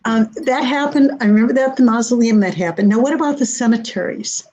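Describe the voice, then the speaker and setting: Higher-voiced woman asking questions. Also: fast talker, darkish tone, slight background noise, poor audio. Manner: short encouraging replies and questions. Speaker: co-host. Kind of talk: casual chat.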